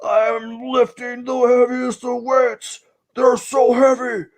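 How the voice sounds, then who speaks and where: A man voicing a bodybuilder who strains and yells under huge weights, with over-the-top groaning and shouting. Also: very high-pitched, flat delivery, slow, pitched above the performer's own voice, full character voice. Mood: straining, bellowing.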